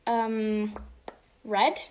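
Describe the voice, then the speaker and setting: A woman's voice: medium pitch, flat delivery, extremely slow, a little mellow, a little hiss or hum. A teenage girl casually answering fan questions on a livestream, chatty and bubbly, slipping between English and Spanish and often dropping to a whisper. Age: teens.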